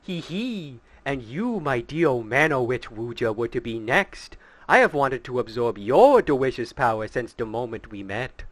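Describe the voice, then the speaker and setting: A man's voice: medium pitch, sing-song, measured pace, hardly any pauses, no echo. A man voicing a gleeful, sinister male demon who talks in a giggly, mocking way. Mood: gloating.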